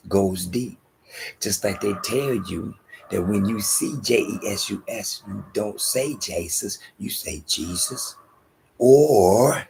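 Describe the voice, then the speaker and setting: A man, preaching an emphatic, repetitive Bible-teaching sermon that drops into low asides. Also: gravelly, darkish tone, a little hiss or hum, low-quality recording. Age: 60s.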